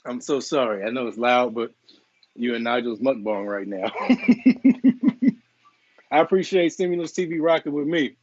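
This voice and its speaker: A man chef talks loosely and cheerfully through a live cooking stream. He drops fillers, tastes the food on air and jokes to viewers as he goes. The sound is dry and a little muffled, like low-grade live stream audio. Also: a little fast, no echo. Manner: relaxed, chatty, tasting and chewing on air with playful apologies. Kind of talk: casual live cooking chat.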